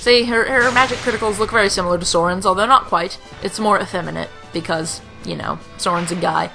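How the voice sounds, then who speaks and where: A young woman in her late teens with a slightly rough throat, giving dry, rambling, self-mocking commentary over a video game at home. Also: lowish voice, fairly quick, sharp tone, soft background music, poor audio. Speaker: let's play commentator. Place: home room.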